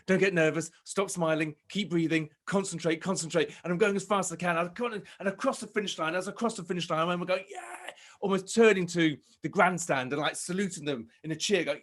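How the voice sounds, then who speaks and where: A man from Britain giving a live motivational talk over a video call, telling his story with animated delivery. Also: mid-range voice. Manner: animated storytelling, acts out crowd shouts. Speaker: motivational speaker.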